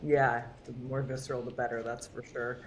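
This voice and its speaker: A woman's voice: very deep voice, level tone, normal speed, a little hiss or hum. A woman actor talking as a podcast guest, candid and rambling with lots of filler words. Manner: candid, rambling, heavy use of "like". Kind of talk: casual interview chat.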